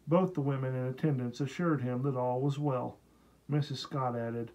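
A male audiobook narrator reads a historical novel at a steady, unhurried pace. His voice sits at a middling pitch with a dark, mellow tone. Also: highs cut off. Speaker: audiobook reader. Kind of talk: scripted narration.

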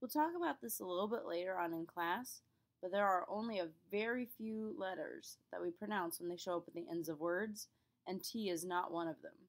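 A young woman teaches a class in a clear, patient voice. She explains each point step by step and speaks the examples aloud for her students. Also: lowish voice, brisk. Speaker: French teacher. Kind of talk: classroom lesson.

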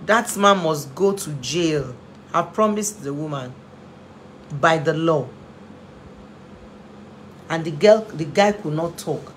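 A woman with a deep, animated voice speaks slowly, leaving long pauses, in an impassioned parenting talk. She is a family therapist and inspirational speaker, earnest, emotional, and pleading, who repeats phrases for emphasis. A little hiss or hum can be heard.

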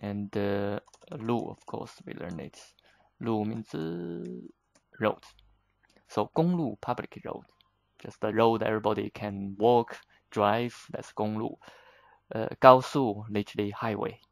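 Man, low gravelly voice, very slow patient explaining, dry close sound. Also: expressive, dry recording, poor audio. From China. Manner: unhurried, patient, slips between English and Chinese with frequent fillers. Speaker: Chinese teacher. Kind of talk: explaining vocabulary in a lesson.

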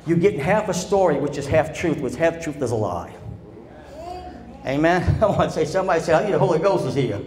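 Preaching pastor in an echoey church. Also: male voice, a little high, lively intonation, a little fast, a little mellow. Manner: preachy call-and-response, asking the congregation to answer. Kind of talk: sermon. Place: church sanctuary.

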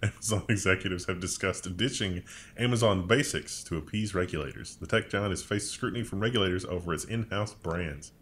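Low-voiced man reading tech headlines. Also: a little fast, a bit bright, slight background noise. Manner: reads headlines then riffs sarcastically. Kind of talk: casual tech news chat.

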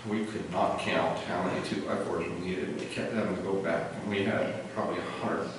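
A man's voice: low-pitched, steady tone, fairly quick. A middle-aged man giving an earnest, reflective funeral eulogy for a family member, with light laughter. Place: funeral chapel. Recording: echoey hall from far off, noisy.

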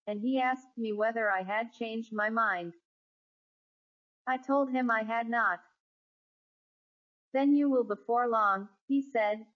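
A woman narrating a classic ghost story in a measured, even storytelling manner. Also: fairly high pitch. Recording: dull lo-fi recording.

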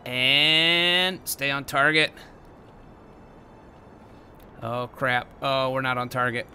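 A young man giving casual let's-play commentary, excitable and bursting into loud exclamations. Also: medium pitch, slow pace, slight background noise. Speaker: gameplay commentator.

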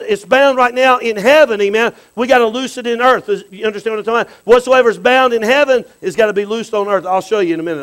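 A man, preaching a sermon as bishop, animated and repetitive, calling out for amens from the congregation. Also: high voice, poor audio.

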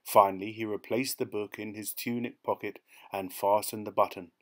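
A man reading a short story aloud as audiobook narration, in a measured, even manner. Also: lowish voice. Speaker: audiobook reader. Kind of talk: scripted narration.

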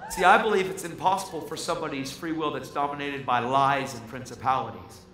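Fervent preacher in an echoey hall. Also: male voice, medium pitch, brisk, fairly bright tone, faint music behind. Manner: fervent, emphatic, storytelling. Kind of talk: sermon.

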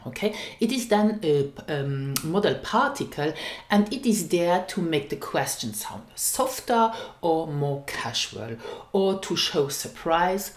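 A woman teaching a language lesson, speaking slowly and carefully and repeating each example phrase. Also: deep voice, roomy sound.

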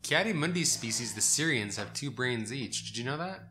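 A man's voice: medium pitch, lively intonation, normal speed, pushed and bright, a little hiss or hum. A man co-hosting a casual chat over a card game, with laid-back, dry, joking remarks. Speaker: podcast co-host.

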